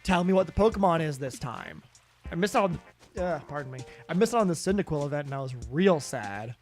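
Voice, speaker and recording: A man's voice: fairly high pitch, fast, faint music behind. A man chatting casually and playfully while streaming a video game at home. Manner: playful, excitable, jokey.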